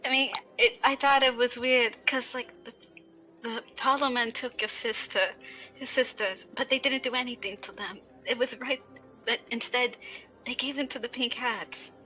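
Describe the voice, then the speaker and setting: Bright-voiced woman playing a tabletop game. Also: on the high side, steady tone, moderate pace, faint music behind, rough recording. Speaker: player. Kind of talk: tabletop role-play.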